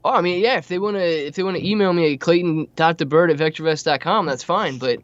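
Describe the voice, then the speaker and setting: A man's voice: fairly high pitch, quick pace, muffled recording. A man appearing as a guest on a market livestream, easygoing and cracking self-deprecating jokes. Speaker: guest analyst. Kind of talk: casual livestream banter.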